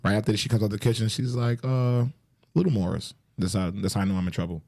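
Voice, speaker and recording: A man's voice: on the low side, quick pace, gravelly. A man co-hosting a podcast, telling a story in casual chat with a playful manner, acting out voices. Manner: lively, playful, acts out voices. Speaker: podcast co-host.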